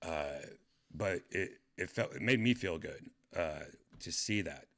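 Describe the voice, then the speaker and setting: A man's voice: deep voice, animated, a little slow, a bit bright. A man hosting a casual livestream chat, rambling and hesitant, full of fillers and restarts. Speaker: podcast host.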